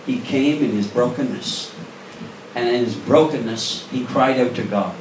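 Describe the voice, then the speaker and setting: A man's voice: medium pitch, measured pace, background noise. A male pastor preaching a sermon in a church, earnest and emphatic, pressing the congregation with direct questions. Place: church sanctuary. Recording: roomy echo, voice from a distance.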